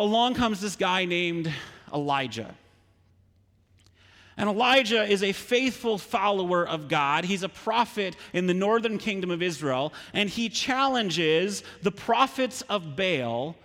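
A pastor preaching a sermon, retelling a story with frequent rhetorical questions. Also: male voice, high voice, expressive, unhurried, a bit bright, long reverb tail.

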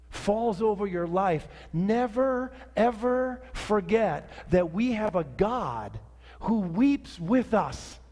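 Male pastor, sermon delivery, animated with sudden quiet drops, high voice, reverberant hall. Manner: animated preaching, rising to outrage then dropping soft.

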